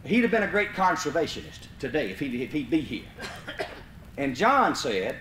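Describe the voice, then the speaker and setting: Southern guy spinning a folksy tall tale, high lively voice, hollers now and then. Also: moderate pace. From Mississippi, US. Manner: folksy, animated, breaks into hollers. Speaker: comedic storyteller. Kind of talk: live comic storytelling. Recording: vinyl live recording, roomy, faint hiss.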